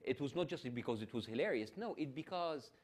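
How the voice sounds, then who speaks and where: A man's voice: mid-range voice, animated. A man with an Egyptian accent, a native Arabic speaker, interviewing a guest on stage and often restarting his sentences. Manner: halting, many restarts and fillers. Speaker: television host and interviewer.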